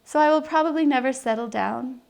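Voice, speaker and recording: A woman's voice: sits high, fairly quick, vocal fry. A woman from New Mexico, around her thirties, reading a heartfelt, personal letter to her young daughter in an earnest, reflective way.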